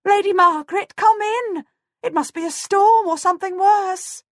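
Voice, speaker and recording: A woman voicing a frightened young serving woman who screams high, urgent pleas. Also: normal speed, dry recording, clean studio sound. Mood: panicked.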